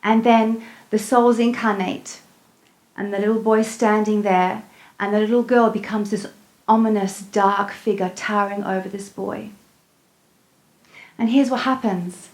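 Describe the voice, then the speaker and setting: A woman's voice: mid-range voice, steady tone, a little slow, a little mellow. A woman hosting a meditation evening, telling a story to a live audience with um and uh fillers, in a room of listeners. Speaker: meditation event host.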